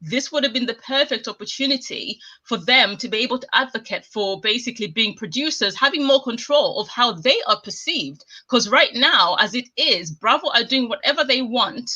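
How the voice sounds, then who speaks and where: A woman's voice: on the high side, animated, moderate pace, sharp tone, dull audio. A woman chatting on a live stream, talking emphatically in long run-on stretches with an indignant edge. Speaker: guest commentator. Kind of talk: casual live-stream chat.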